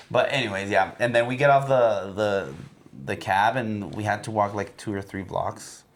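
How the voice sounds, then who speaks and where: A man's voice: fairly low pitch, moderate pace, a little hiss or hum. A man and podcast co-host telling a casual anecdote, rambling with lots of fillers. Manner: rambling storyteller with many fillers.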